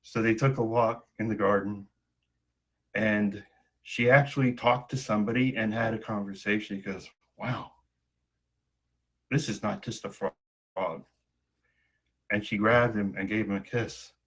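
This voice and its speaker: A man telling a fairy tale in a casual, halting way, often repeating words, on a dull lo-fi recording. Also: on the low side, steady tone, fairly bright tone. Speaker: storyteller.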